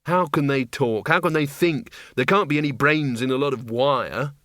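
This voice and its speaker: A man's voice: medium pitch, moderate pace, a bit bright, no echo, clean studio sound, natural voice. A man voicing a sensible, practical young woman werewolf in an audiobook. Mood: doubtful.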